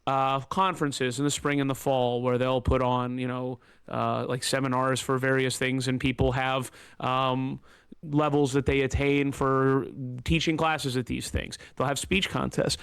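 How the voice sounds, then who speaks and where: Man, smooth clear voice, dry close sound, candid emotional rambling story, close to tears. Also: mid-range voice, level tone, measured pace, a bit bright, dry recording. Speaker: podcast host. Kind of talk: casual personal storytelling.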